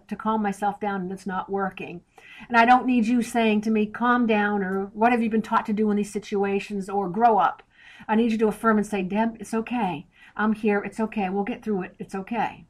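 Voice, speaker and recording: Direct, plain-spoken woman guest on a podcast, mid-range voice, explains step by step. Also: medium pitch. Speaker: interview guest, author. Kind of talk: podcast interview.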